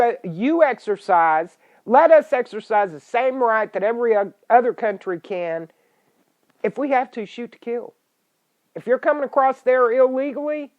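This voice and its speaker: A middle-aged woman, hosting a political podcast in an angry, scolding rant with sudden loud outbursts. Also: a little high. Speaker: podcast host. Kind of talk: ranting political podcast monologue. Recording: dull lo-fi internet radio stream.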